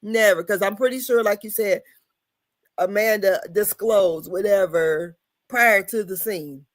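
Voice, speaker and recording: A woman's voice: medium pitch, a little slow, dry recording. A woman co-hosting a casual reality-TV recap podcast who is losing her voice and hammers home her point with repeats and fillers. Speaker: podcast co-host.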